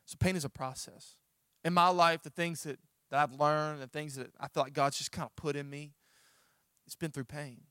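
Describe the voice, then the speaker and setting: A man preaching a sermon, telling a personal story in an animated, self-mocking way. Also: on the high side, moderate pace, clean tone, no echo, clean studio sound. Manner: animated storytelling, acts out his own reactions. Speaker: pastor.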